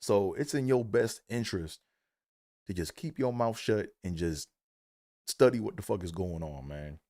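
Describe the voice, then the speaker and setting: Deep-voiced man telling a comic story. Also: lively intonation, normal speed, a little mellow, no echo, clean studio sound. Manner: casual, profane, slangy. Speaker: comedic storyteller. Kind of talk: comedic storytelling monologue.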